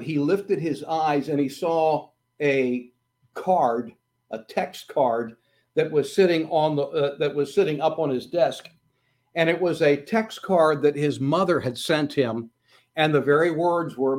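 Slow, emphatic preacher with a higher voice. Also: male voice, a little mellow. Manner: earnest, slow and emphatic, rising to bursts of intensity. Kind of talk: sermon.

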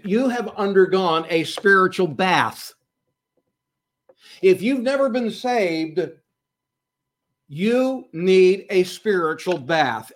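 A man preaching a sermon, telling a Bible story in an earnest, storytelling manner. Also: sits high.

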